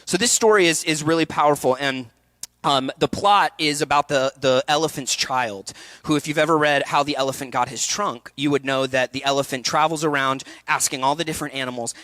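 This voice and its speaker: A man in his thirties giving a passionate, animated talk to actors at a festival session. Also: a little high, no echo. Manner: passionate, animated, quick bursts with laughs. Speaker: acting coach speaking at a festival session. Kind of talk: energetic workshop talk. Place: event hall before an audience.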